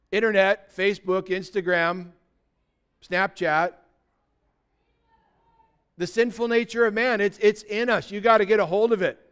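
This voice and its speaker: A man's voice: high-pitched, fairly bright tone, clean tone. A male pastor preaching a sermon in a conversational way, asking the congregation many rhetorical questions.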